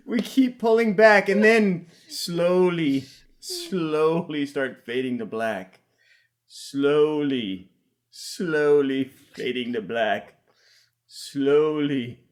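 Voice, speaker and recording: A man co-hosting a comedy podcast who reads stage directions aloud in a slow, drawn-out, deadpan manner. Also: on the high side. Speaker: podcast co-host.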